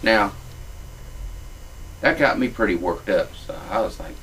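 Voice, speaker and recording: A man's voice: fairly low pitch, moderate pace, long pauses, fairly bright tone, recorded from a distance, a little hiss or hum, poor audio. A man, telling a crude comic story in a profane, drawling redneck manner. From Louisiana.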